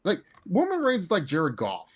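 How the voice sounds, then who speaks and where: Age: adult. Sex: male. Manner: excitable, rambling, lively voice. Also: high-pitched, moderate pace, a loud crowd. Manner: excitable, rambling, lots of fillers. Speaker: co-host. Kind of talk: casual sports chat.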